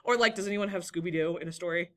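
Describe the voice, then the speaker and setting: A woman's voice: on the low side, fast. A young woman teaching a classroom lesson, encouraging and talking to students by name.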